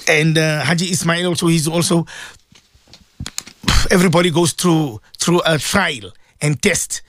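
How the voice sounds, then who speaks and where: A man's voice: a little high, unhurried, fairly bright tone. A middle-aged man preaching on a radio show. He pleads and repeats words for emphasis, and he asks his listeners questions directly. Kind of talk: devotional radio talk to listeners.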